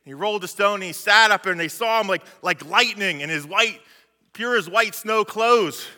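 A man's voice: high voice, normal speed, bright, forceful tone. A man preaching a sermon, retelling Bible stories in casual slang with frequent restarts. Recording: long hall reverb.

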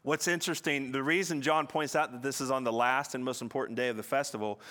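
A man preaching a sermon in an earnest teaching manner, often repeating words and slowing down to stress a point. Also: mid-range voice, fairly even intonation, pushed and bright. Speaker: pastor.

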